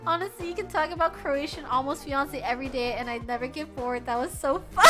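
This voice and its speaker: A young adult woman streamer chatting casually with her viewers, loud and animated, often yelling and laughing, with a sore throat. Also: high-pitched, a little slow, pauses often, faint music behind. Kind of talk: casual live-stream chat.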